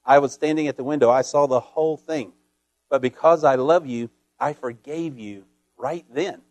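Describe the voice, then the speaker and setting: A man voicing a kind, gentle old grandmother, speaking softly and affectionately in a story told during a sermon. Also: mid-range voice, moderate pace, dry recording, close to an everyday voice. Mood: tender.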